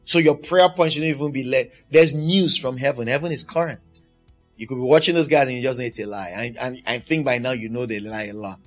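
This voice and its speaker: A man's voice: medium pitch, brisk, faint music behind. A man preaching a sermon, emphatic and driving his points home by repeating them.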